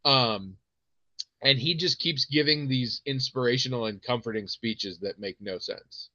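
A man co-hosting a podcast in casual chat, telling stories animatedly with quick restarts and putting on voices now and then. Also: mid-range voice, sharp tone, dry recording. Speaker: podcast co-host. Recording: dry, slightly muffled mic.

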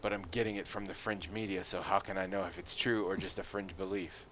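A man's voice: deep voice, steady tone, fast, a bit bright, a little hiss or hum. Man chatting playfully, faint room ambience. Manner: playful, acts out scenes in silly voices. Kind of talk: casual chat.

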